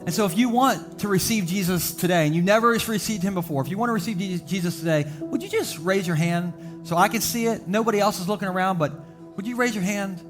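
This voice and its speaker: A man preaching a humorous, story-filled sermon to a live church congregation. He jokes, does quick voices for the people in his stories, then slows to a deliberate, emphatic delivery for his main points. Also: high voice. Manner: humorous storytelling, animated voices for quoted characters. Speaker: pastor. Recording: live church service with faint background music.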